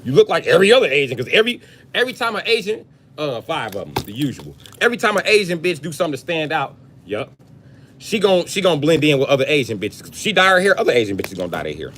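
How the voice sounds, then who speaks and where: A man's voice: a little high, very animated, fast, fairly bright tone, slight background noise. A man in his forties from the United States, ranting on a livestream, blunt and cursing nonstop. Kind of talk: profane rant to a live stream.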